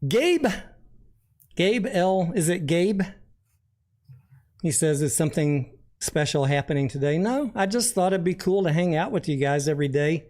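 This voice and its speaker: A man's voice: fairly high pitch, animated, normal speed, a little mellow. Joking man hosting a livestream. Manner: joking, chatty, reads viewer comments aloud. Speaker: livestream host. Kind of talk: casual livestream chat.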